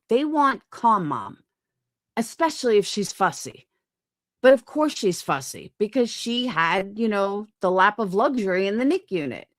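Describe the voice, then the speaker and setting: A woman streamer ranting with swinging, lively pitch that jumps high when she's outraged. She talks at an unhurried, deliberate pace, heavy with profanity and rhetorical questions. The sound is dry and close to the mic. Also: no echo. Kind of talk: ranting live-stream commentary.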